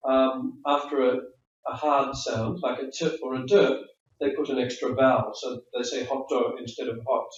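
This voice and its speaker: English examiner in a roomy classroom. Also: male voice, medium pitch, flat delivery, normal speed. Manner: friendly, chatty, explanatory, repeats words. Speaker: IELTS speaking examiner giving feedback. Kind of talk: spoken feedback after mock test. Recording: roomy, distant, dull classroom audio.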